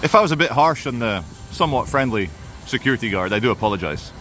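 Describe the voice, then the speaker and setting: A man's voice: mid-range voice, lively intonation, fast talker, a bit bright, a little hiss or hum. A man vlogging while he walks outdoors by a waterfront, talking in a sardonic, rambling way into a handheld camera. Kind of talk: walking vlog commentary.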